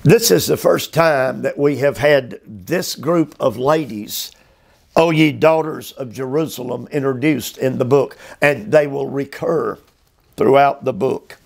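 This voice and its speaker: A male preacher giving a slow expository sermon, drawing out phrases emphatically and often repeating words. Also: mid-range voice, creaky. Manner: drawn-out, emphatic phrasing with repetitions. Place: motel room.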